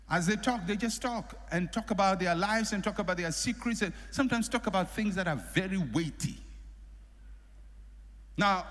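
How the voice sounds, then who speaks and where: A middle-aged man preaching a sermon as a pastor, animated, acting out the people he quotes. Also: high voice. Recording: long hall reverb.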